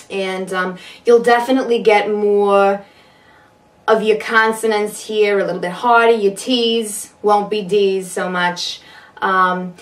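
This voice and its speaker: Woman accent coach, playful demos, sounds distant, played back from a video. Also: mid-range voice. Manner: playful, demonstrating accents by example.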